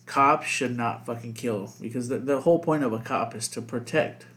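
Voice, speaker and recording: A man's voice: medium pitch, moderate pace, a bit bright. A man co-hosting a casual podcast chat, rambling with lots of fillers and constant swearing. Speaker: podcast co-host.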